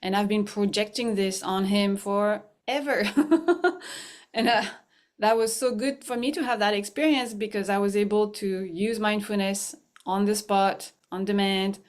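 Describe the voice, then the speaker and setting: A woman's voice: medium pitch, steady tone, a little slow. A middle-aged woman, a mindfulness teacher and guest on a show, telling a personal story in a chatty way, laughing often and restarting her sentences. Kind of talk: conversational storytelling.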